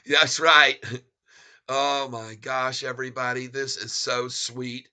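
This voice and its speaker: A man giving live stock-trading commentary, gleeful and excitable, reading out prices and chuckling at the market. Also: medium pitch, takes it slowly, clear, resonant tone.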